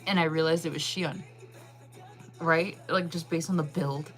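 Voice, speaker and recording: A woman hosting her own channel, telling a story to viewers in a casual, animated way, laughing often and saying "like" a lot. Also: low voice, normal speed, faint music behind, low-quality recording. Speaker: channel host.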